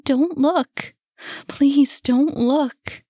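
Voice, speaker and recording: A woman's voice: high-pitched, steady tone, takes it slowly, a little mellow, dry recording, clean studio sound, voice pushed up. Lady doing a crying mom, pleading, voice up and strained, storybook. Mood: tearful. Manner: tearful, pleading. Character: grieving mother comforting her son.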